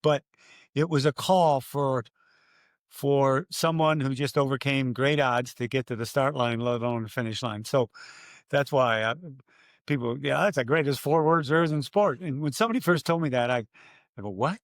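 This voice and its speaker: An older man, a former race announcer, telling stories in an interview and acting out his own loud calls. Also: mid-range voice, normal speed, no echo, studio quality. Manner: animated storyteller, acts out his own calls loudly. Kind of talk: conversational storytelling interview.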